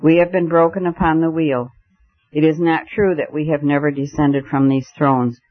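A man's voice: fairly high pitch, little pitch movement, moderate pace, lightly acted. A man reading the part of an anguished young male detective, speaking in impassioned, breaking declamation, on a muffled lo-fi recording.

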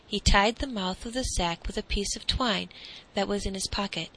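A woman narrating a classic storybook in a calm, measured reading. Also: mid-range voice, husky, rough recording.

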